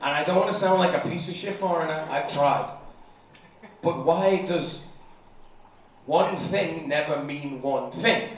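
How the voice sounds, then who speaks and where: A man's voice: a little high, unhurried, long pauses, slight background noise. Brash British man doing stand-up. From United Kingdom. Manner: brash, profane storytelling, acts out dialogue. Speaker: stand-up comedian. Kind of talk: stand-up comedy set. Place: comedy bar showcase, indoors. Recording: distant mic, heavy room echo, audience laughter.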